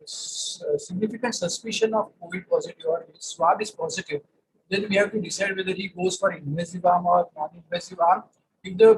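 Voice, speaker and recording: A man with a high voice gives a medical lecture over a video call, halting often and filling gaps with hesitation sounds. The call audio is patchy, with faint background noise from the room. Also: low-quality recording. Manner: hesitant, many filler sounds.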